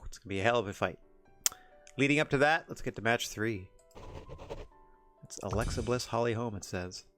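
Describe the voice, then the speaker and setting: A man's voice: medium pitch, a little fast, a bit bright, faint music behind. A man streaming a wrestling management game, chatting casually in a rambling, self-deprecating way. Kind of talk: casual gameplay commentary.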